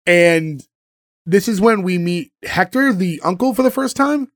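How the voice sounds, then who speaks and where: Male podcast host, high voice, lively storyteller acting out quotes, dry sound. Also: unhurried, no echo. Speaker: podcast host recapping a sitcom episode. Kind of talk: casual chat.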